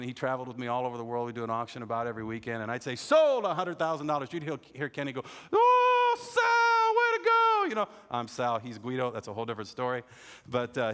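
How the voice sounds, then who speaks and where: A middle-aged man preaching a sermon in a voice of ordinary pitch. He speaks earnestly and hammers home his refrains by repeating them. His voice rings with the long reverb of a large church auditorium. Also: fairly bright tone.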